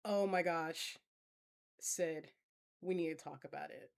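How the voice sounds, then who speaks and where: A woman's voice: sits low, steady tone, slow pace, creaky. A woman streamer in a casual Q&A, chatting with her viewers, laughing often and using plenty of fillers. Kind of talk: casual Q&A reading chat comments.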